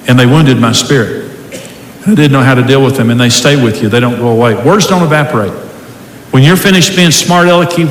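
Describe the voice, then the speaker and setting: A man's voice: medium pitch, fairly bright tone, slight background noise. A middle-aged man preaching a sermon with an emphatic, preacherly delivery, quoting scripture to a large church hall. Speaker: pastor. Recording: echoey hall recording with faint ambience.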